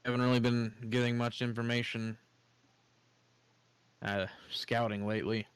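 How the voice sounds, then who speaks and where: Laid-back man, clear steady voice. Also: medium pitch, normal speed, no room sound. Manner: laid-back, swears casually. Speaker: player. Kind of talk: tabletop role-play, in and out of character.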